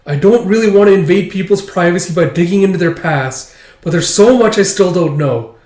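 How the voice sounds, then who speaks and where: A man's voice: sits high, fairly quick, darkish tone, pitched above the performer's own voice, natural voice. A man reading out the lines of an earnest, determined teenage girl who pleads urgently, in a manga chapter read-through. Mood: pleading. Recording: roomy echo.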